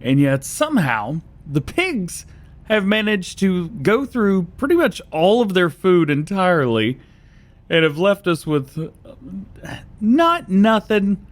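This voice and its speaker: A man's voice: high-pitched, big pitch swings, takes it slowly. A man giving casual, chatty commentary while playing a farming game, joking with himself and laughing often, a little out of breath early in the morning. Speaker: gaming YouTuber. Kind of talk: casual let's-play commentary.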